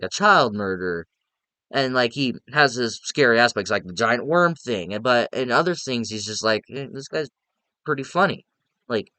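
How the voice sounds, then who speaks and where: A man's voice: medium pitch, pushed and bright, smooth, no room sound. A young man giving a casual, rambling film review, enthusiastic and full of restarts. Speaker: movie reviewer.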